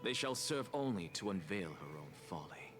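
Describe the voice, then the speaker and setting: An aloof scholar in a game, his fairly low voice swinging widely as he lectures. He speaks coldly and loftily. Music plays clearly underneath. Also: big pitch swings, normal speed. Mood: stern, cool. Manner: cold, lofty and lecturing. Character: stern aloof male scholar demigod teacher. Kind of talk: video game voice acting.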